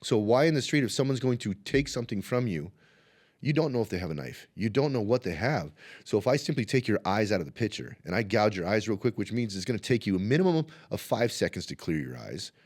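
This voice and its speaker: A martial arts instructor tells stories in a casual interview, animated and acting out the voices of the people in them. His voice is lowish and brisk.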